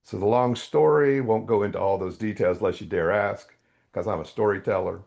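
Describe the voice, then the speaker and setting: An older man, a podcast guest, telling a faith testimony as an animated storyteller whose voice leaps up when excited. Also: lowish voice, brisk, vocal fry.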